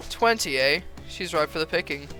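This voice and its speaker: A man playing a cocky yakuza tough who tosses off slang with easy confidence. The voice sits high and bright with a forceful edge. Faint game music plays underneath. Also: animated, normal speed. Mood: offhand. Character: brash, blunt yakuza man, streetwise and cocky. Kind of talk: reading game dialogue aloud on a stream.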